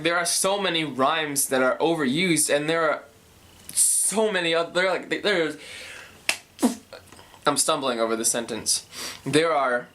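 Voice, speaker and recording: A man's voice: a little high, sharp tone, a little hiss or hum. A young man casually talking through how he writes a song, thinking aloud and correcting himself as he goes. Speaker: songwriter explaining his process. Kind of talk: casual songwriting talk.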